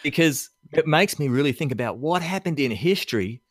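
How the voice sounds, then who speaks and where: A man's voice: a little high, fairly quick, husky, no room sound, studio quality. A man with an Australian accent, chatting as a podcast guest and telling stories with lots of laughs. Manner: animated storyteller who laughs often and acts out quotes. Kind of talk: casual chat.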